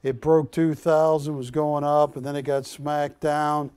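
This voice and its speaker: Slow-talking folksy TV sales host, man. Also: on the high side, flat delivery, darkish tone, clear, resonant tone, no room sound. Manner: folksy, joking, pushy salesman. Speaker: shopping channel host. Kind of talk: live TV sales pitch.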